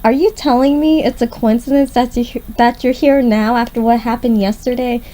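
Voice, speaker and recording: A woman's voice: on the high side, steady tone, a little fast, mellow, natural voice, rough recording. A woman voicing a guarded, suspicious young woman in a visual novel, asking blunt, probing questions. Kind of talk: reading a visual novel aloud.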